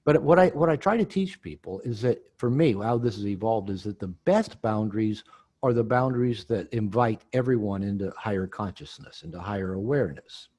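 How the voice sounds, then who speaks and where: A man's voice: fairly low pitch, lively intonation, a little fast, darkish tone. A man, an author and guest on an interview podcast, teaching and explaining while acting out example dialogue.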